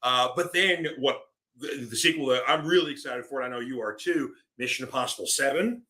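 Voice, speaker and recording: A man's voice: mid-range voice, brisk, sharp tone. A man guesting on a casual movie chat, enthusiastic and rambling, with plenty of fillers. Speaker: podcast guest.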